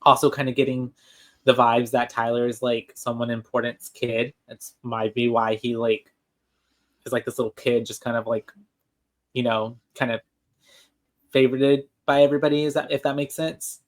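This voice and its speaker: A man's voice: mid-range voice, level tone, normal speed. Casual man recapping a movie. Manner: rambling, many fillers and restarts. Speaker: podcast co-host.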